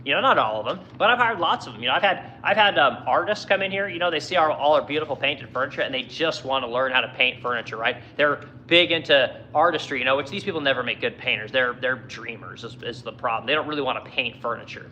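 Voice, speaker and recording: A man's voice: medium pitch, lively intonation, fast, few pauses, bright, forceful tone, lo-fi sound, a little hiss or hum. A man who owns a furniture business, ranting angrily and swearing constantly in a heated monologue. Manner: profane, angry, heated. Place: furniture workshop in Missouri.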